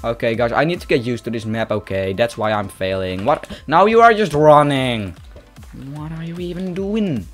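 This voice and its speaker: A European man giving excitable live commentary on a game, talking to opponents and to his viewers. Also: medium pitch, moderate pace. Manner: excitable, talks to opponents and viewers, yelps at kills. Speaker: gaming YouTuber. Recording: music playing under voice.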